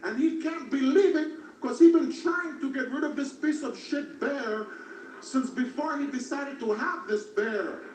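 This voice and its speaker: Crude deadpan male stand-up comic. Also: very high voice, a little slow. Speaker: stand-up comedian. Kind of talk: stand-up comedy. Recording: distant, echoey, noisy club recording.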